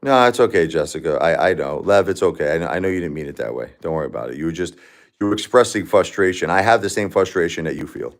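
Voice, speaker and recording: A man in his forties, grief-stricken, talking haltingly on a livestream as host and answering viewer comments. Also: low-pitched, animated. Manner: halting and repetitive, many restarts and fillers.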